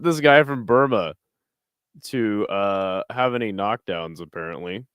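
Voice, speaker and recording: A man's voice: lowish voice, measured pace, a bit bright, clean tone, no echo. Laid-back, profane man commentating fights. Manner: laid-back, profane, jokey asides to chat. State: tired, burping. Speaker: livestream fight watch-along host. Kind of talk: casual live commentary.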